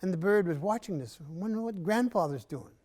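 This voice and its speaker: A man performing a traditional story in an arts center, measured and unhurried, with long pauses and often dropping to a soft voice. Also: high-pitched, animated.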